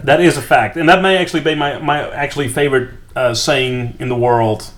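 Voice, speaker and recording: A man's voice: medium pitch, brisk, fairly bright tone, roomy sound, far from the mic, a little hiss or hum. A man with a Dutch accent, chatting as a podcast guest, restarting his sentences often. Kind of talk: casual chat.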